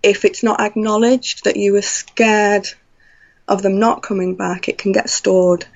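A woman telling a personal story in an animated way, acting out her own past thoughts. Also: medium pitch, a little slow, vocal fry. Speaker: guest. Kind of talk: conversational storytelling. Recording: slightly dull lo-fi audio.

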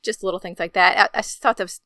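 A woman co-hosting a casual chat, recapping a film in quick, animated storytelling. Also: fairly low pitch, no echo.

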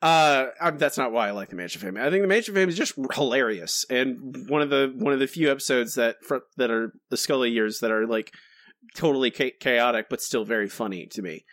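A man's voice: mid-range voice, fast, a bit bright, no room sound, studio quality. A man co-hosting a podcast in casual chat, jokey and self-deprecating. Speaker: podcast co-host.

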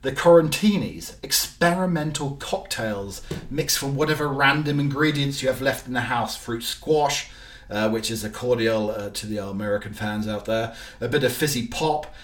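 A man's voice: mid-range voice, normal speed, fairly bright tone. A man hosting his own show in casual, rambling chat, joking and full of ums and restarts. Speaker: podcast host. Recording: roomy, distant mic, faint music.

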